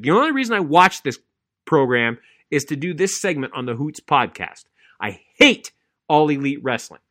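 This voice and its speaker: Male contributor, contemptuous emphatic rant, bright forceful tone, slightly high. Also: sing-song, normal speed. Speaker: listener contributor. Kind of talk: recorded rant segment.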